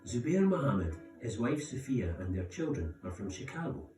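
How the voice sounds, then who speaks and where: A man narrating a documentary in a measured, scripted way. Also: medium pitch, big pitch swings, mellow. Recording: roomy sound, distant from mic, music bed.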